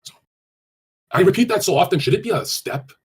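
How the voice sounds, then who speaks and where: A man's voice: high-pitched, lively intonation, slightly rough. A man giving casual dating advice on a live stream, blunt and crude, swearing often and rattling on with many fillers as he answers chat. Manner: rapid, run-on delivery with many fillers.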